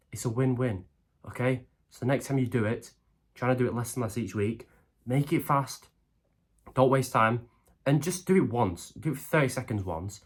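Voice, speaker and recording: A young man talks straight to camera in a blunt motivational monologue. He swears casually and keeps punching his points home with "okay?" and "right?". His voice sits at an ordinary middle pitch for a man. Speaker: self-help video host.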